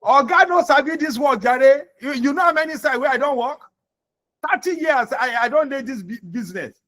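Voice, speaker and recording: A man's voice: extremely high pitch, expressive, normal speed, fairly bright tone, voice pushed up. A man with a Nigerian accent voicing a boastful veteran male worker who scorns young bosses, in a dismissive, Pidgin-laced rant. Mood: scornful.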